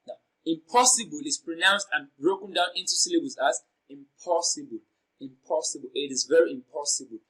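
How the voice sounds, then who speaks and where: Exam tutor, male, fairly high voice, deliberate and methodical, drills words by repeating them slowly. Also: a bit bright, rough recording. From Nigeria. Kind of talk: lesson on exam questions.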